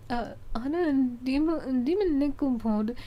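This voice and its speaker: A woman's voice: sits high, measured pace, dull audio. A young woman streaming, chatting casually and rambling with lots of fillers. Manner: rambling, many fillers, frequent laughs.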